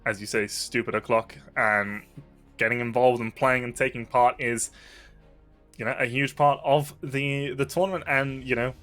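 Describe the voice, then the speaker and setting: A man's voice: medium pitch, steady tone, normal speed, a bit bright, faint music behind. Dry, teasing male esports caster. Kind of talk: live tournament commentary.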